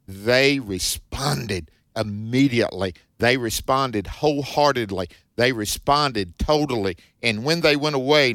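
A man's voice: mid-range voice, dry recording, clean studio sound. Emphatic man teaching scripture on radio. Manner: warm-hearted, emphatic, reads scripture then comments quickly. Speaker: radio Bible teacher host.

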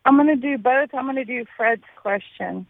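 A woman's voice: high-pitched, normal speed, no room sound. A woman from Canada with a Canadian accent, calling in to a radio trivia show and chatting easily. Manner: chatty, uses local slang. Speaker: caller. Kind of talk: phone-in call. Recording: tinny phone line.

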